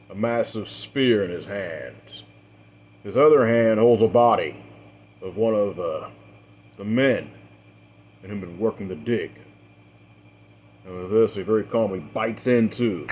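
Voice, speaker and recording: A man acting as game master, narrating a tabletop role-play story in a measured, dramatic way with the odd filler. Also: on the low side, a little mellow, a little hiss or hum.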